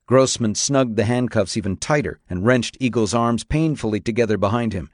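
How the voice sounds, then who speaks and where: A man narrating a novel in a steady, even storytelling manner. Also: on the low side, normal speed, few pauses, no echo, clean studio sound. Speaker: audiobook narrator. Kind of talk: scripted narration.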